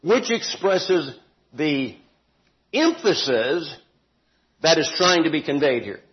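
A man leads a Bible study, speaking slowly and carefully with plenty of deliberate pauses. His pitch swings up and down lively as he stresses each point, and he adds folksy asides and corrects himself as he goes. The recording sounds dull and lo-fi. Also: slight background noise. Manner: deliberate, emphatic, with homely asides and self-corrections. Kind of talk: informal Bible teaching to a group.

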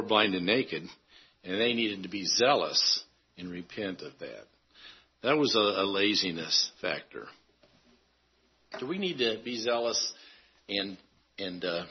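A man preaching a sermon in an earnest way, halting often and restarting his phrases. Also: fairly low pitch, breathy edge, dull audio.

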